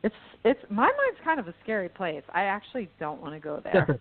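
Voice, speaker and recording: A woman guest healer chatting candidly about spiritual matters, laughing often and swinging her pitch animatedly. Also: huge pitch swings, fairly quick, few pauses, a little hiss or hum. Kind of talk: casual spiritual discussion. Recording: tinny phone-like line.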